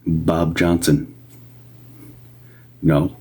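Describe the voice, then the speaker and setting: A man's voice: extremely low pitch, flat delivery, very slow, dark tone, a little hiss or hum. A man doing live medium readings on a stream, talking casually and rambling with many fillers and restarts. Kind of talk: casual livestream talk.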